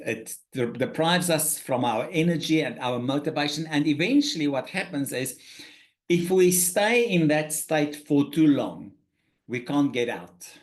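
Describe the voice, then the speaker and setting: A man presenting a spoken workshop lecture to participants, earnest and emphatic, often restarting and repeating words as he works through his points. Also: mid-range voice.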